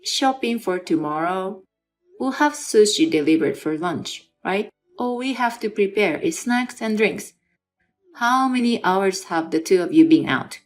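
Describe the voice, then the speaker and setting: A woman's voice: mid-range voice, expressive, unhurried, faint music behind, natural voice. A woman voicing a stern aunt in a dramatized story, firmly scolding her nephew. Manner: firm and scolding.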